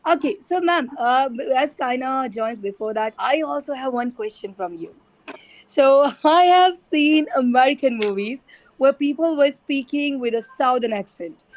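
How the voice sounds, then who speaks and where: A woman's voice: high voice, no echo, rough recording. A woman hosting an online class, making polite, formal requests. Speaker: class host.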